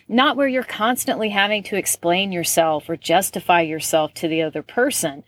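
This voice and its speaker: A woman's voice: mid-range voice, no echo. A woman hosting a solo talk show, chatty and laughing often, acting out little quoted voices as she goes. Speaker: podcast host.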